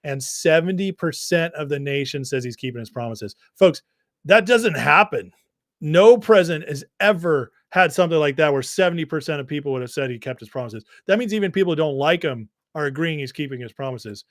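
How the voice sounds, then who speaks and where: A man with a deep voice hosting a livestream, chatting loosely and reading viewer comments. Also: a little fast, no echo, studio quality. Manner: chatty, laughs often, many fillers and restarts. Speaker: livestream host.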